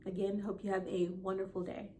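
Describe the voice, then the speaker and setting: A woman's voice: medium pitch, level tone, fairly quick, dark tone, a little hiss or hum. A woman in her thirties, a content creator, telling a personal story to camera in a heartfelt, earnest way. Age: 30s.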